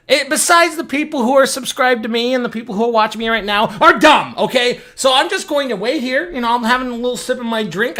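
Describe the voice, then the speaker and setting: A man talking into a desktop mic in a casual, rambling reaction commentary. His voice sits high and bright, and he sounds sarcastic and swears freely. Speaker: YouTube commentator.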